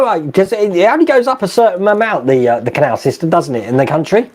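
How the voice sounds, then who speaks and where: Male streamer, middle-aged, lively up-and-down delivery, casual with lots of fillers. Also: high-pitched, quick pace. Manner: chatty, laughs often, many fillers and restarts. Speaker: live stream host. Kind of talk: casual live stream chat reading comments.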